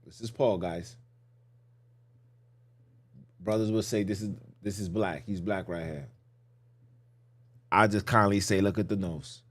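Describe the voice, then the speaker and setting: A man's voice: sits low, fairly even intonation, a little slow, long pauses, a bit bright. A man hosting a podcast, teaching scripture in a casual preaching style, repeating phrases and asking the listeners questions. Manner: repetitive, emphatic, rhetorical questions.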